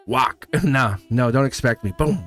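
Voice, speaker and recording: A middle-aged man hosting a live tarot reading, rambling and upbeat, his voice hoarse and cracking. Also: medium pitch, a little slow, faint music behind. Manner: rambling, upbeat, repeats himself. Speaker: tarot reader and host.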